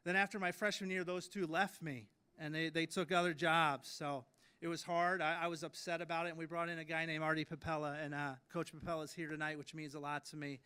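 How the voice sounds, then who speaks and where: Man, late thirties, bright forceful voice, crisp, storytelling speech with restarts. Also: fairly high pitch, level tone, brisk. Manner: storytelling, self-deprecating, with frequent fillers and restarts. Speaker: hall of fame inductee giving a speech. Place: ceremony hall.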